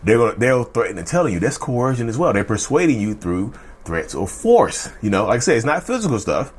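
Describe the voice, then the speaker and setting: Guy rambling on camera to his viewers, mid-pitched, keeps repeating himself, says y'all a lot. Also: sing-song, a little fast, slightly rough. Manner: acts out short quoted threats in a changed voice. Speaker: mental health video host. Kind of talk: casual explanatory monologue.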